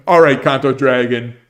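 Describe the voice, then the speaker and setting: A middle-aged man talks off the cuff on a livestream at a mid-range pitch. He rambles, restarts his sentences and leans on fillers as he goes. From United States. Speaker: streamer. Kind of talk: casual livestream chat.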